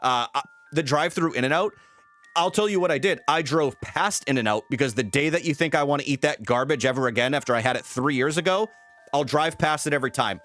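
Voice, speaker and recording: Chatty young man streaming, soft music behind. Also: a little high, a little fast. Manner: chatty, greets chat, rambling with fillers. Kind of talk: casual live-stream chat.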